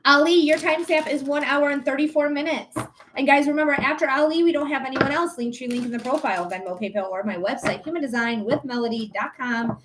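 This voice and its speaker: High-voiced chatty woman psychic. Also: fast, background noise. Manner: chatty, swears freely, laughs often. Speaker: psychic reader on a live stream. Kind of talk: casual live-stream chat.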